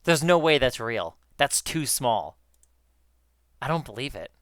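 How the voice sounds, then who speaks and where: Excitable gamer dude rambling to his viewers, bright crisp voice, dry close mic. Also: medium pitch, unhurried, no room sound. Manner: excitable, swears casually, addresses viewers as guys. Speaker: gaming YouTuber. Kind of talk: casual chat while gaming.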